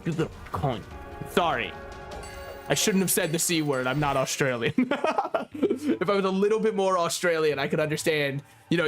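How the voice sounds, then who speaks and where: A man from the United States streams a video game, offering casual commentary as he rambles, jokes, and swears often. His voice is on the high side and a bit bright.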